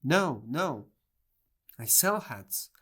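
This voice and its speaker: A reader voicing a frightened, pleading hat-seller in a storybook audiobook, with a higher, anxious delivery. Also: big pitch swings, drawn-out words, fairly bright tone, husky, exaggerated voice.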